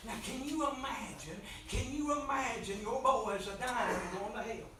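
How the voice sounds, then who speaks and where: A man preaching an impassioned revival sermon in a church, swinging between soft pleading and loud shouting. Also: very high-pitched, moderate pace, noisy background. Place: church sanctuary. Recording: very echoey church from far off mic.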